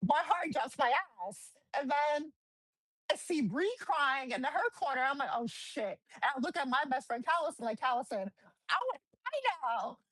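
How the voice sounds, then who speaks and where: A woman, a guest wrestler, telling stories in a casual interview, animated, swearing freely and acting out quotes. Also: high-pitched, moderate pace, no room sound, rough recording. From New Jersey.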